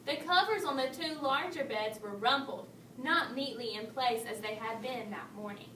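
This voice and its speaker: A woman reading a children's story aloud, expressive, lifting her voice for the bears. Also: normal speed, recorded from a distance. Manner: expressive read-aloud, raising pitch for the bears' lines. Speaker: storybook reader. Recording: echoey room, voice from off-mic, faint hiss.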